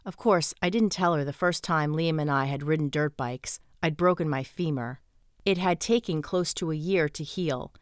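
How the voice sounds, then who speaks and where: A woman with a low voice reads an audiobook in first person, with even, steady storytelling. The sound is dry and close. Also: dry recording. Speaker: audiobook narrator. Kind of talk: scripted first-person narration.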